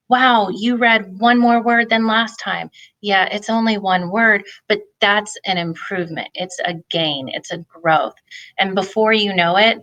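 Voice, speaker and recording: A woman talks parents through reading games in a friendly, explanatory way, now and then pausing on an um. Her voice sits a little low but rings bright and forceful. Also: rough recording. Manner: friendly, explanatory, with filler ums. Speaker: family literacy presenter. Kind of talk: instructional talk for parents.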